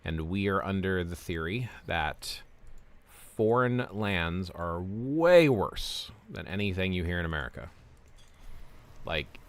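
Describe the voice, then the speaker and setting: A game streamer in his forties with a very low voice chats in a relaxed way during a casual livestream. He talks through the gameplay, explaining each step while answering chat.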